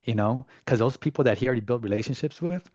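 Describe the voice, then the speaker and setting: A man telling stories in a relaxed, animated way, dropping casual slang as he talks through his experience as a real estate agent. His pitch sits in the middle for a man. The recording is dry and slightly muffled, with little room sound. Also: quick pace, dry recording. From Southern California. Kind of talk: casual storytelling interview.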